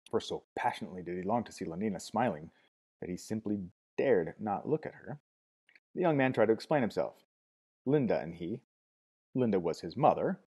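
A man reading a novel aloud as narrator, at a steady measured pace with small restarts. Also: lowish voice, husky. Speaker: audiobook narrator.

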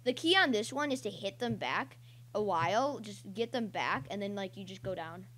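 Narrating her own online gaming session for her channel, a young female host talks casually at a moderate pace in a mid-range voice. She rambles on and breaks out in thrilled yelps and cheers.

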